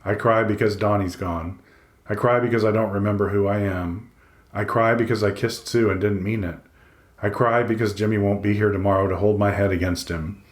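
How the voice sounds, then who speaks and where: A man's voice: on the low side, steady tone, a little fast. A man reading a first-person audiobook in a dry, introspective way. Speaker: audiobook narrator. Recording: echoey room.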